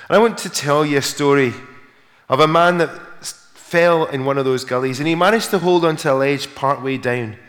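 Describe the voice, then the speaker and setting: A man preaching a sermon, telling a story and lifting his voice for emphasis, then going soft and low in prayer. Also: a little fast, long reverb tail.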